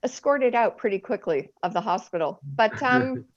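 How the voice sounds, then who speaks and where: A woman's voice: a little high, lively intonation, moderate pace. A woman in her forties doing a chatty, self-mocking stand-up set, laughing at her own jokes. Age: 40s. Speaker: stand-up comedian. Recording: lo-fi stream audio.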